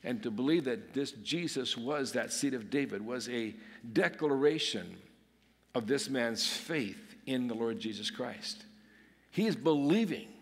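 A man's voice: mid-range voice, lively intonation, unhurried. A man preaching an earnest sermon as pastor, swelling and dropping his voice for emphasis. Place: church sanctuary. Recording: long reverb of a church hall.

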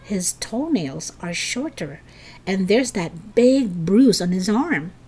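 A woman's voice: mid-range voice, animated, takes it slowly, a little mellow, a little hiss or hum. A woman doing an earnest serious schoolboy. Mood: hushed.

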